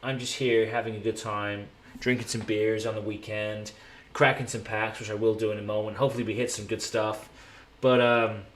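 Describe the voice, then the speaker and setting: A man's voice: on the low side, level tone, normal speed. An English man chatting casually on a live stream from a hotel room, rambling and laid-back, with the odd swear word.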